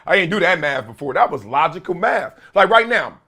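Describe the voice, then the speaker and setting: A man in his late forties hosts his own talk show with lively, swinging pitch in a slightly high voice. He talks casually in slang and laughs easily. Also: measured pace, husky. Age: late 40s. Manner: animated, laughing often, folksy slang. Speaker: host. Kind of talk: casual solo commentary.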